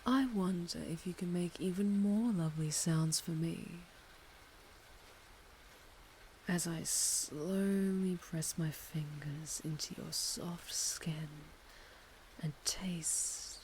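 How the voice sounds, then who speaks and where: Deep slow-talking orc warrior lady, a woman doing her, whispered role-play, breathy murmurs. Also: dark tone, a little hiss or hum, close to an everyday voice. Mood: seductive, possessive. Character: powerful female orc warrior, tender and possessive. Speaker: ASMR storyteller.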